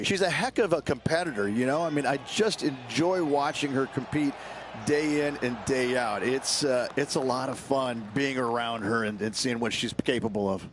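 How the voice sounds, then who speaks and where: A man's voice: mid-range voice, normal speed, slight background noise. A man giving chatty, easygoing golf color commentary, laughing often as he explains the holes.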